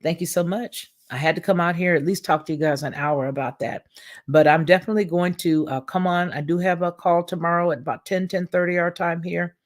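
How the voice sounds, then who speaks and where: A woman's voice: on the low side, fairly even intonation, brisk. A woman hosting a livestream commentary, speaking in with an emphatic, preachy, repetitive manner. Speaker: commentary channel host.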